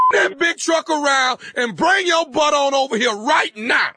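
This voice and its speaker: A man plays a heartbroken, hot-tempered neighbor who shouts and sobs over a broken tree. The voice sits very high and cuts through bright and sharp. It sounds dry and close, with no room around it. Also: expressive, a little slow, no room sound, full character voice. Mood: angry. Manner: shouting, tearful, threatening. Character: grieving angry man whose mama's tree was hit. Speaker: radio prank caller.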